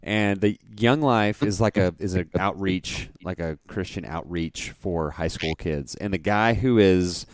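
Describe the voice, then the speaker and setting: A man chats casually on a podcast, reeling off dad jokes and cracking himself up as he goes. His voice sits low and comes across smooth and clean. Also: unhurried, few pauses, no room sound. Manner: giggly, breaks into laughter mid-joke. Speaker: podcast co-host.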